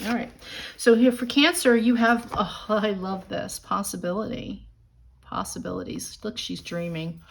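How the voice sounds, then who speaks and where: A woman's voice: medium pitch, fairly bright tone. A woman giving a monthly tarot reading, upbeat and encouraging, talking straight to her viewers. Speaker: tarot reader.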